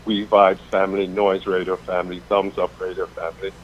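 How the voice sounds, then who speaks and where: Male caller, very low voice, lo-fi phone line with faint hiss. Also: flat delivery. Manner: hurried, friendly, repeated thanks. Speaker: caller, radio DJ. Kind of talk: quick phone call.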